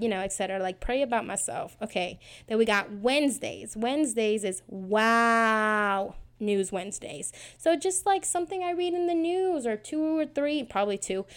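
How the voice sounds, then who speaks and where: A woman in her twenties hosting her own podcast, talking in a rambling, self-mocking way with lots of fillers. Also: fairly high pitch. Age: 20s. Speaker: podcast host. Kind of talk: casual prayer podcast chat.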